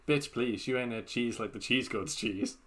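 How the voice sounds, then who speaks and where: A man's voice: mid-range voice, measured pace, fairly bright tone, lightly acted. A man playing a haughty female angel. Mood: sassy.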